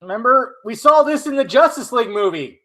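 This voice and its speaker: A man's voice: very high-pitched, lively intonation, a little fast, bright, forceful tone. A young man hosting a live stream, chatting in a laid-back way and reading out viewer comments, swearing casually.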